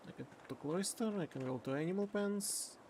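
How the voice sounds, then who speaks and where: A streamer playing a narrative game, reading its text aloud and thinking out loud in a halting, casual way. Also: medium pitch, slight background noise.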